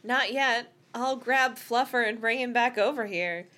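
A woman's voice: a little high, unhurried, bright, forceful tone. A woman co-hosting a casual podcast over a video call, reading a novel aloud with playful voices and chatting between passages. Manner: reads with playful character voices and laughs.

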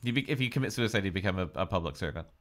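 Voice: low-pitched, animated, very fast. A podcast co-host reacting to a book reading with giggly, exasperated remarks. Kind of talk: comedic podcast chat.

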